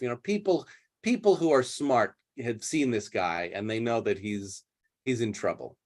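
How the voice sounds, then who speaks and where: A man's voice: mid-range voice, animated, normal speed. A man teaching English, retelling a play and explaining words in plain terms. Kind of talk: literature lesson retelling a play.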